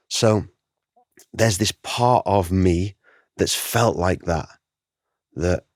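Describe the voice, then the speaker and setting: A middle-aged man, a guest artist, telling his story in an interview, animated and emotional, acting out the voices he quotes. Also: low voice, no echo, studio quality.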